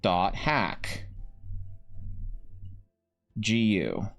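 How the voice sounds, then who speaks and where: A man's voice: fairly low pitch, wildly swooping pitch, drawn-out words, creaky, fairly bright tone, faint music behind. A man from Canada, chatting casually on a live stream, rambling with many restarts and freely swearing.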